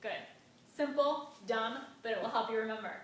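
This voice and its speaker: A woman's voice: a little high, normal speed, very noisy. Upbeat woman teacher chanting grammar syllables. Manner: upbeat and encouraging, chanting syllables and clapping beats. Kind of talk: classroom-style grammar lesson. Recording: very echoey room, mic at a distance.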